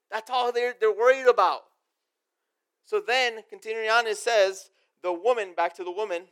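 A man giving a relaxed, conversational sermon, reading verses aloud and then unpacking them in plain talk. His voice is smooth and clear, sitting a little higher than most men's. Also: normal speed. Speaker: pastor. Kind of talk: casual sermon with scripture reading.

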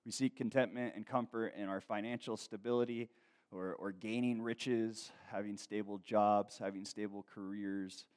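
A pastor preaching a sermon, conversational, rising loud and slow when reading scripture and dropping to quieter asides, often checking in with "okay?". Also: male voice, on the low side, steady tone.

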